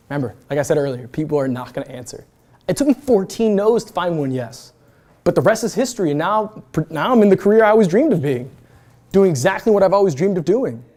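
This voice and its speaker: A young man in his twenties is talking fast to a room of students, his pitch jumping all over. He is brash and pumped up, and he swears freely as he coaches them. It is a lively motivational talk from a guest speaker. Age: 20s. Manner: energetic, brash, casual with swearing. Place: university event room.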